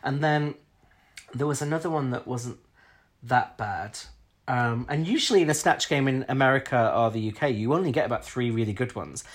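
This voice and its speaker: British guy chatting on a podcast, frank and opinionated, average pitch. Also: moderate pace. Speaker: podcast co-host. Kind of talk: casual chat reviewing a TV episode.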